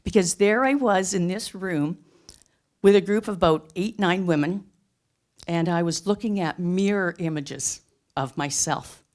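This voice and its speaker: A woman's voice: on the low side, unhurried, darkish tone. A middle-aged woman telling a personal story live on a theatre stage, earnest and emphatic. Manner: earnest, emphatic, plain-spoken.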